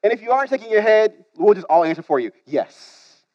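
A man preaching a sermon as pastor, talking straight to the congregation, swinging between loud emphasis and quiet asides. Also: sits high, lively intonation, very fast, no room sound, lo-fi sound. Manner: repeats words, talks straight to the congregation.

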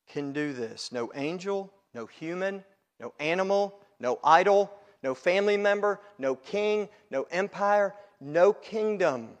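A man preaching a sermon to his congregation, building to loud emphatic peaks and then dropping low. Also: expressive, slow pace. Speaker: pastor.

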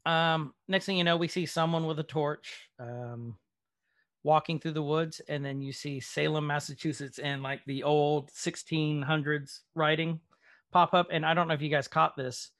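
A man's voice: a little high, steady tone, moderate pace, a bit bright, no room sound. Chatty man recapping a show, dry sound. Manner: chatty, rambling with many ums. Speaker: podcast host. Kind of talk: casual recap chat.

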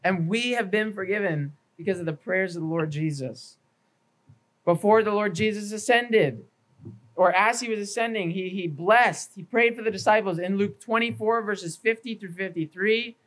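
A man's voice: high voice, moderate pace, a bit bright, rough recording. Earnest man preaching a sermon. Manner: earnest preaching through numbered points with scripture references; stumbles and repeats words now and then. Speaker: pastor. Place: church evening service.

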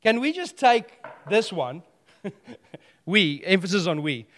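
A man preaching a sermon, animated and playful, telling stories with humor. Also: high-pitched, normal speed, long reverb tail.

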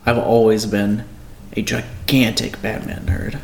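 A man's voice: lowish voice, little pitch movement, a little slow, gravelly, slight background noise. A man hosting a podcast, asking eager questions in a casual, enthusiastic interview. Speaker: podcast host.

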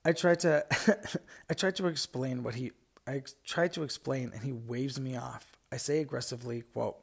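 Reading listener stories on his podcast, a man rambles casually, filling the telling with fillers and asides and laughing often. His medium-pitched voice is husky with vocal fry, and he speaks a little slowly with long pauses.

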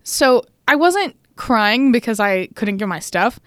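A young woman, co-hosting a podcast, telling a story in a lively way, laughing often and acting out what people said. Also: fairly high pitch, unhurried, clean tone, no echo, clean studio sound. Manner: animated, laughs often, acts out quotes. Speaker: podcast co-host. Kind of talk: casual chat, storytelling.

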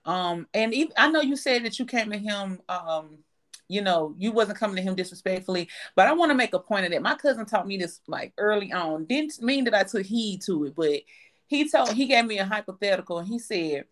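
A woman's voice: medium pitch, animated, brisk, fairly bright tone. A woman in her thirties co-hosting a casual chat, blunt and profane, giving advice. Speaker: podcast co-host.

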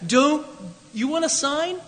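Brief: a man doing a brash angel messenger, high and bright, hall echo. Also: takes it slowly, exaggerated voice. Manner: brash, teasing. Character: male angel, stern messenger of God.

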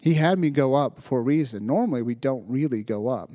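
A man's voice: medium pitch, lively intonation, a little fast, warm tone, dry recording. A man giving a sermon testimony, telling a story and building to fervent preaching. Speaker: youth speaker.

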